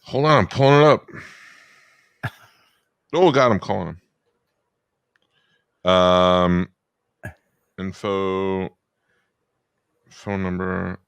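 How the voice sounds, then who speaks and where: A man's voice: low voice, fairly even intonation, extremely slow, creaky, pauses often, fairly bright tone, clean tone, no room sound. A man co-hosting a podcast in casual chat, telling stories bluntly and swearing freely. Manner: blunt, profane, storytelling. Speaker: podcast co-host.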